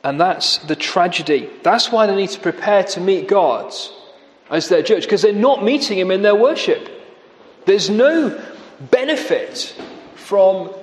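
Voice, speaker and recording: Guy preaching, kinda high voice, sarcastic, big echoey hall. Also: animated, a little slow. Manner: sarcastic, mocking quotes with rising pitch. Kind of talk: sermon.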